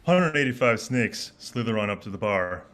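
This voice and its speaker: A man improv player telling a joke in a dry, measured way. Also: fairly low pitch, expressive, a bit bright.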